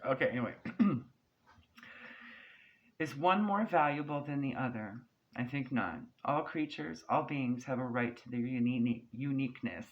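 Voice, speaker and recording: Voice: mid-range voice, normal speed, lo-fi sound. Chatty, reassuring tarot reader. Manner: reassuring, often checks in with "okay?" and "right?"; chatty, laughs now and then. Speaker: tarot and oracle card reader. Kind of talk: casual channeled card reading.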